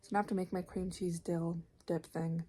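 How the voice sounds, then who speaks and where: A woman's voice: fairly low pitch, flat delivery, brisk, mellow, rough recording. A young woman vlogging in a casual, rambling way, filling her talk with "like" while chatting about her day. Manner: chatty, rambling, heavy use of "like". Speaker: vlogger and preschool music teacher. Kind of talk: casual vlog chat.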